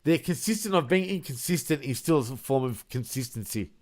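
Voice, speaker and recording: A man's voice: mid-range voice, animated, brisk, a little mellow. A man co-hosting a crude, casual podcast chat, laughing often and saying "bro" a lot. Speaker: podcast co-host.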